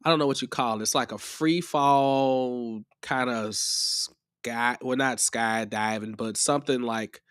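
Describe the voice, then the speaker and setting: A man's voice: mid-range voice, steady tone, measured pace, fairly bright tone, clean tone, no room sound, studio quality. A man hosting a live music-production tutorial stream, rambling in a casual, chatty way while a bit under the weather. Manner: rambling and chatty, often restarts.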